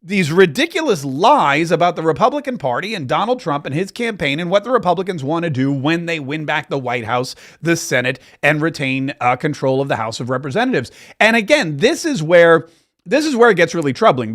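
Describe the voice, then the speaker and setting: Sarcastic male radio host, slightly high. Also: big pitch swings, fairly quick, fairly bright tone. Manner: sarcastic, mocking asides with laughs. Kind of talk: opinionated political commentary.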